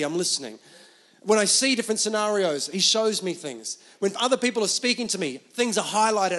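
A man's voice: high voice, a bit bright. A male pastor preaching a sermon from a stool, pressing his points through emphatic repetition and "come on" exhortations. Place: church stage, seated on a stool.

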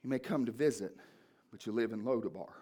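A male pastor preaching in church, moving from shouted fervor to quiet, low storytelling. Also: fast talker. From Ohio, USA. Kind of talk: sermon. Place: church sanctuary.

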